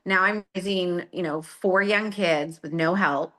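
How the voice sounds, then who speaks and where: A woman's voice: fairly low pitch, bright, forceful tone. A woman in her forties, a guest on a podcast, speaking openly and reflectively in casual conversation. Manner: open, reflective, measured. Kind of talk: casual interview chat.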